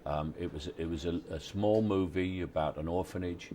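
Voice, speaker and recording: A man, giving relaxed, halting interview answers on location at a film set, with many restarts and wry chuckles. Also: low voice, slight background noise. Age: 60s. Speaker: actor interviewee.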